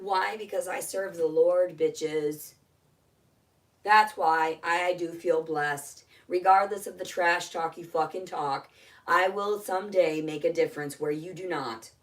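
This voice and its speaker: A woman ranting angrily on a livestream in a dim house, swearing and agitated, with sudden loud outbursts into a phone. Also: fairly low pitch, a little slow. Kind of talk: angry livestream rant.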